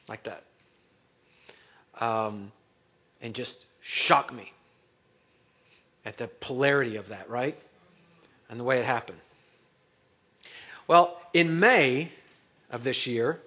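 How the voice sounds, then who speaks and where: A middle-aged man speaking to an audience, telling a story in an animated way and acting out the voices of others. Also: medium pitch. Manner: animated, acts out quoted voices. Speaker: real estate speaker. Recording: dull lo-fi recording.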